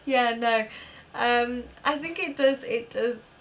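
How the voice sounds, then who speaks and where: A woman co-hosting a live chat show, chatty and quick to agree. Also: fairly high pitch, a little hiss or hum. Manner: chatty, lots of agreeing murmurs. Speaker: show co-host.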